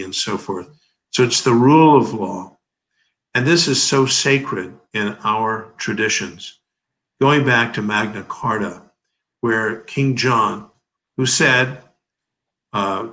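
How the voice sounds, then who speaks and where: A man's voice: on the low side, a bit bright, rough recording. A man in his seventies giving emphatic, oratorical legal commentary as an interview guest, leaning on rhetorical questions. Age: 70s.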